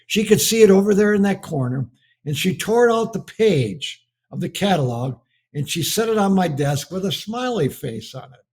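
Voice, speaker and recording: A man's voice: high-pitched, expressive, moderate pace, a little mellow, husky. A middle-aged man from the United States giving a folksy storytelling sermon about marriage, chuckling as he goes. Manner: folksy, laughs through his story. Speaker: speaker on marriage.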